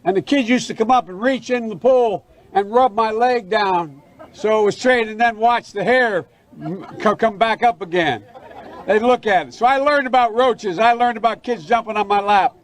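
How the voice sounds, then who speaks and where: An older man giving a speech played as a clip, halting and repeating words as he stumbles through it. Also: sits high, a faint crowd. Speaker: public speaker.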